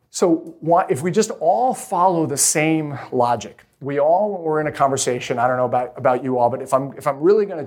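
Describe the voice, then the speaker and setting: A middle-aged man, a venture capitalist, giving a live talk to an audience, energetic, often restarting his sentences. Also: on the high side. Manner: energetic, restarts often, acts out quoted voices.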